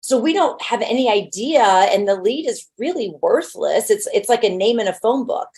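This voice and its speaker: Blunt, conversational woman with a higher voice. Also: lively intonation, moderate pace, a little mellow. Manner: conversational, blunt, with homely examples. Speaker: real estate agent. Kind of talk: casual webinar talk.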